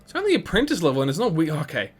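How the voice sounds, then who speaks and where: A man's voice: fairly high pitch, huge pitch swings, racing, breathy edge. A man hosting a let's play, giving chatty, rambling gameplay commentary full of restarts and laughs. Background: game music.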